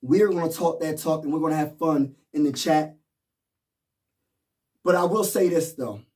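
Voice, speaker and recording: A man gives hyped, slangy fan commentary and keeps hammering the same points. His voice sits fairly high and is picked up from a little away from the mic. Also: normal speed, darkish tone, recorded from a distance. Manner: repetitive, rallying, slangy. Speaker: sports fan vlogger.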